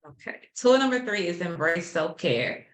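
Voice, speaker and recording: A woman therapist walks viewers through relationship tools in a steady, practical way, with small restarts as she goes. Her voice is fairly low. The sound has a roomy echo. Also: normal speed. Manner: steady explaining, sports metaphors, small restarts. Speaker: therapist co-host. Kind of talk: explaining counseling tips.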